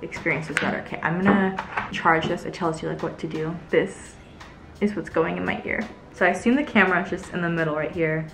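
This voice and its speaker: A woman's voice: fairly low pitch, a little fast, creaky, echoey room, background noise. A young woman vlogging casually as she tests a gadget, chatty and easily grossed out. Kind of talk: casual product-testing vlog.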